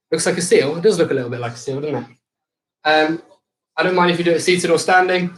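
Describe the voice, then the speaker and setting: A young man coaching a live online circuit class, cueing exercises with light banter. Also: fairly high pitch. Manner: upbeat, instructive cueing with banter. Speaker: fitness instructor. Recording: echoey room.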